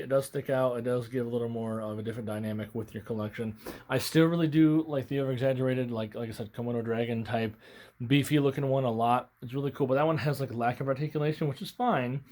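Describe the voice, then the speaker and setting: A young man talks through a toy review into his camera mic. He is a little out of breath, rambling, stammering and apologizing along the way. His voice sits at an ordinary middle pitch for a man. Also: darkish tone. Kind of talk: casual unscripted toy review. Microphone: camera mic, handling toys on camera.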